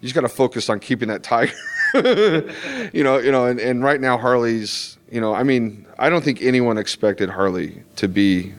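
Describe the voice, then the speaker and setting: A man's voice: medium pitch, expressive, moderate pace. A man who draws comics answers fans in a casual interview, rambling with many restarts and fillers and stressing points with emphatic asides. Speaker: comic book artist. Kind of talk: convention interview chat.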